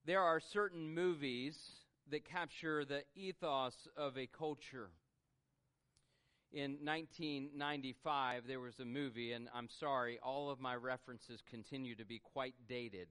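A man's voice: mid-range voice, fairly even intonation, a little slow, fairly bright tone, clear, resonant tone. A man preaching a sermon in an earnest, self-deprecating way that builds to emphatic peaks. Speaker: pastor.

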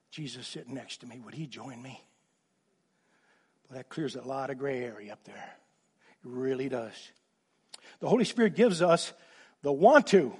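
High-voiced husky preaching pastor man. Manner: animated preaching with sudden drops to quiet asides. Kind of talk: sermon.

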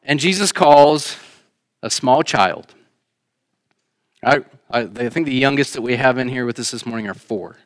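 A man preaching a sermon in a church, shifting between emphatic raised lines and quiet, conversational asides. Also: mid-range voice, measured pace, long pauses. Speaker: pastor. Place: church sanctuary.

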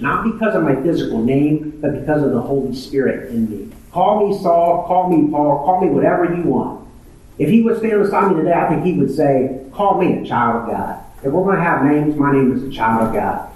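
A man's voice: a little high, a little mellow. A man preaching a sermon, emphatic and fond of repeating phrases for stress. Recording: very echoey room, distant mic.

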